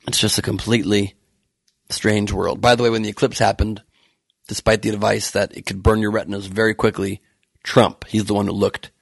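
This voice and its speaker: A man's voice: fairly low pitch, level tone, fairly quick, gravelly, breathy edge, no echo. A man hosting a podcast with a sarcastic, profane, heated comedic political rant. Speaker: podcast host.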